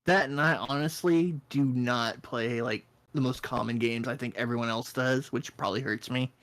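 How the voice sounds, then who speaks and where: A man rambles through a casual podcast chat in a voice of middling pitch. He jokes as he goes and sometimes jumps into a squeaky mock voice. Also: steady tone, normal speed, a bit bright. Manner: rambling, jokey, breaks into high silly voices. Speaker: podcast co-host.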